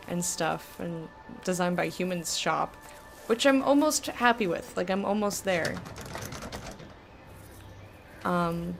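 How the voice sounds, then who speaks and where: A young woman streams a let's play, chatting casually and thinking aloud as she plays, with sudden bursts of excitement. Her voice is on the low side and creaky.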